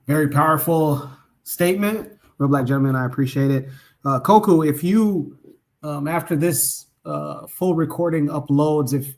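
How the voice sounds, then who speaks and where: A man hosting a podcast livestream, politely and smoothly passing the mic, with some wry humor. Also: fairly high pitch. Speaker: podcast host. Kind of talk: moderating a livestream.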